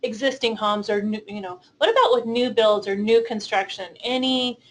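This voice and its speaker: A woman with a slightly high voice hosts a webinar. She keeps her questions short and practical, moving the conversation along to the next topic. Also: normal speed, poor audio. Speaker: webinar host. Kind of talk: hosting a Q&A webinar.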